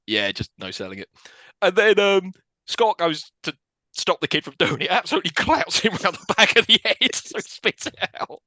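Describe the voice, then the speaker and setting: A man recapping a film as co-host of a casual podcast, animated and quick. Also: sits high, dry recording. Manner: animated, quick storytelling with frequent laughs.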